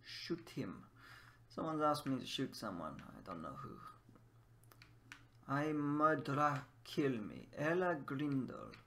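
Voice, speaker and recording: A man's voice: medium pitch, huge pitch swings, slow pace, creaky, a bit bright, slight background noise. A man with a mid-range voice gives a casual gaming lesson. He is playful and laughs often, and he drills words over and over. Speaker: language teacher.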